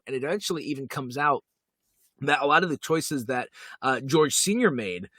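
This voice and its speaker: Podcast co-host guy, mid pitch, gets emphatic about stuff, dry sound. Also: animated, normal speed, fairly bright tone, slightly rough, dry recording. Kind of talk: casual chat.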